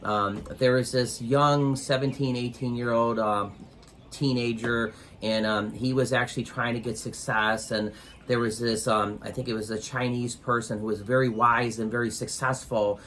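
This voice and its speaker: A man giving business advice as an interview guest, rambling with many pauses and filler sounds as he tells a motivational story. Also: mid-range voice, a little hiss or hum. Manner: rambling, many ums, grows animated when retelling.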